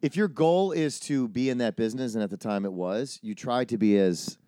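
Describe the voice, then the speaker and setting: Midwest guy hosting, ex radio, talks fast, low warm voice, dry. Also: no echo. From Midwest, Illinois and Wisconsin suburbs. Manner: quick, radio-trained even delivery, dry teasing. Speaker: podcast host. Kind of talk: casual chat.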